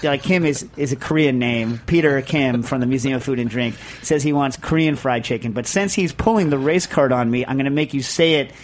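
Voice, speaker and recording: A man hosting a podcast in casual studio chat, animated and jokey, acting out quotes as he talks. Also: mid-range voice, brisk, few pauses, slight background noise. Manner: animated, jokey, repeats himself and acts out quotes. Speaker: podcast host.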